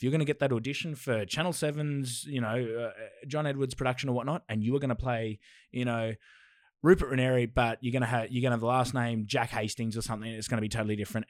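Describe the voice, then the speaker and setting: Young male actor, dry close sound, rambling casual chat, mid pitch. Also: no echo. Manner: rambling, many repeated starts. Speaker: actor guest. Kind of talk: casual conversation.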